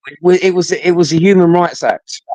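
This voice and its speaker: A man's voice: high-pitched, brisk, a crowd in the background, rough recording. Blunt, sweary man. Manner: blunt, sweary, repeats himself. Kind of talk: casual storytelling.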